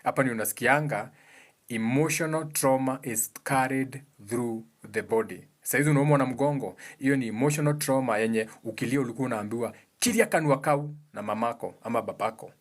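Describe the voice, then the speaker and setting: A man's voice: mid-range voice, fairly quick. Earnest Kenyan man explaining. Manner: earnest and explanatory, with pointed repetition. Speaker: speaker giving advice on emotions. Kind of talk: casual motivational talk.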